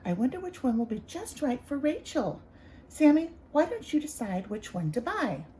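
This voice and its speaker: A calm, coaxing mother from a children's storybook, read aloud by a woman. Her voice rises and falls in a lively way and has a mellow, warm tone. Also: sits high, normal speed, a little hiss or hum, pitched above the performer's own voice. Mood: patient. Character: patient, gentle mother. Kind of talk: picture-book read-aloud.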